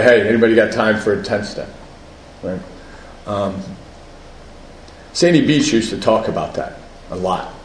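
A man's voice: fairly low pitch, reverberant, a little hiss or hum, low-quality recording. A man giving a personal share at a recovery meeting, conversational, often asking "right?" and laughing at himself.

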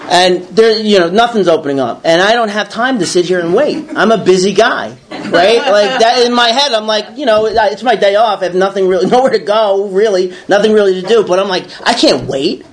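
A crowd can be heard behind a Bronx man who tells a small audience a personal story in a high, brisk voice. He's animated and performs his own inner voice.

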